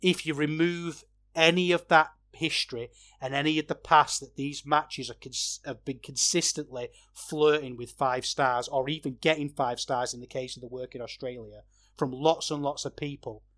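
A man hosting a podcast, giving a rambling, opinionated wrestling review that gets animated when he is worked up. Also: mid-range voice, normal speed. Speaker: podcast host.

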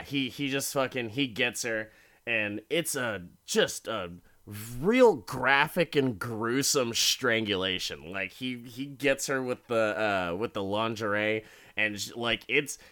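Young man, casual podcast recap. Drawn-out, deliberate delivery, profane and animated. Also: medium pitch. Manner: profane, animated, laughs while retelling. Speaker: podcast host recapping a horror episode.

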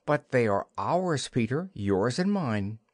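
A man's voice: mid-range voice, sing-song, takes it slowly, no room sound, studio quality. A man voicing a prim, motherly young girl who talks in a earnest, lightly scolding way.

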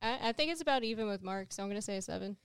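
A woman's voice: mid-range voice, expressive, rapid-fire, clear, resonant tone, no echo. A woman on a podcast giving scores, hesitant with many fillers and easy laughs. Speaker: podcast guest judge. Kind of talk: casual podcast chat.

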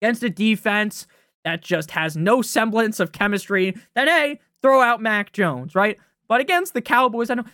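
A man's voice: high voice, expressive, bright, forceful tone, no room sound, studio quality. A young man hosting a fantasy football podcast, ranting casually with lots of swearing and a habit of asking "right?". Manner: brash, swearing, fast-talking, often asks "right?". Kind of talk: profane casual sports rant.

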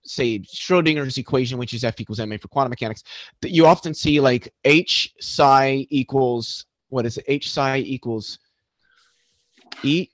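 A man in a live online debate, explaining physics with many halting restarts. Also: mid-range voice, dry recording, low-quality recording. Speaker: debate guest.

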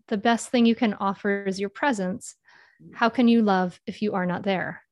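A woman speaking as a guest in a casual podcast interview, earnest and reflective, often pausing to find her words. Her voice sits at an ordinary pitch. The recording is dry, with no room sound. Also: dry recording. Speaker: podcast guest, mindful parenting author.

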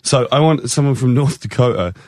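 A man's voice: mid-range voice, expressive, a little fast, a little mellow. An English man guest on a chat show, telling a sheepish, rambling story. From England. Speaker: musician guest. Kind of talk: casual chat.

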